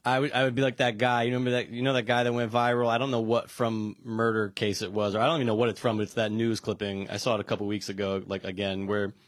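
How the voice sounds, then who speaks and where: A man's voice: fairly low pitch, level tone, fast talker, hardly any pauses, no echo, clean studio sound. A man co-hosting a podcast, rambling and swearing freely in loose banter with his friend. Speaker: podcast co-host. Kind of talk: casual chat.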